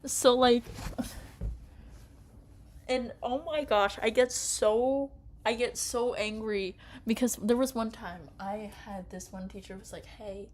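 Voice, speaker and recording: Woman playing a story game, reads slow and quiet then cracks up ranting at the characters. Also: fairly high pitch, fairly even intonation. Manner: laughs often, rants in bursts, then reads softly. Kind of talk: casual gameplay commentary and reading.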